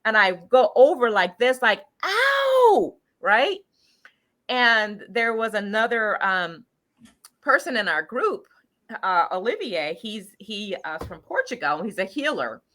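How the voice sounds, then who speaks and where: A woman's voice: mid-range voice, lively intonation, unhurried, pushed and bright. A middle-aged woman casually telling her viewers about a trip, rambling with lots of fillers and restarts. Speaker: channel host sharing travel story.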